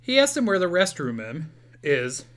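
Co-host for a comedy movie recap, lively swinging pitch, jokey narration. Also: moderate pace. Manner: jokey, narrates scenes and acts out the lines. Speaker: podcast co-host.

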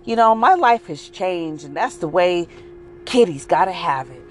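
A woman's voice: lowish voice, expressive, unhurried, faint music behind. A woman voicing a laid-back, boastful male tomcat who talks in casual slang about his new life.

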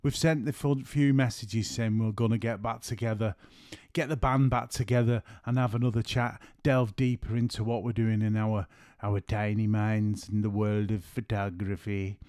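At home after work, a middle-aged podcast host and photographer rambles and jokes through a solo show, constantly interrupting himself. He has a lowish, steady, resonant voice that's a little mellow and clear, at a moderate pace, with clean studio sound and no echo.

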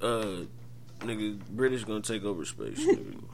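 A man co-hosting a podcast, talking in animated, profane, laughing banter. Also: fairly low pitch, moderate pace, gravelly, slight background noise. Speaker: podcast co-host. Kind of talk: casual chat.

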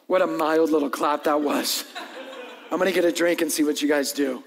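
A man preaching as pastor, animated, acting out dialogue and joking with the congregation. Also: fairly high pitch, normal speed, long reverb tail, a little hiss or hum. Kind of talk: sermon. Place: church hall with long reverb.

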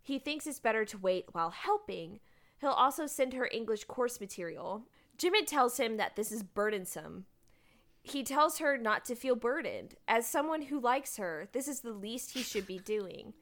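A woman's voice: on the high side, lively intonation, normal speed, fairly bright tone. A woman co-hosting a casual chat, recapping a drama plot with filler words and frequent laughs. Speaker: podcast co-host recapping a drama.

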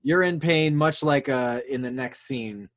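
A man's voice: mid-range voice, unhurried, crowd noise. A man co-hosting a podcast, chatting casually and teasing the other hosts with wry asides. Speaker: podcast co-host. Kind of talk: casual comedic chat.

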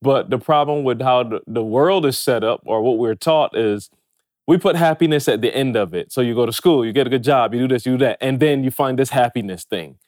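A man co-hosting a podcast talks quickly and conversationally, summing up ideas. The sound is dry and close. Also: medium pitch, darkish tone, dry recording. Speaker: podcast co-host. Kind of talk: casual podcast talk.

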